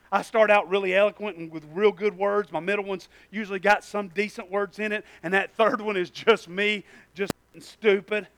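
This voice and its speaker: A high-voiced man preaching a lively sermon. His tone is bright, smooth and ringing, and it drops to quiet mumbles before rising to loud cries. The sound is close and dry. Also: no room sound. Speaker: pastor.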